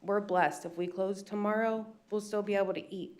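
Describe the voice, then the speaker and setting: A woman's voice: medium pitch, fairly even intonation, moderate pace, hardly any pauses, darkish tone. A woman with an American accent, a business owner making an upset, emotional public comment at a county meeting. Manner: upset, pleading, retells phone calls.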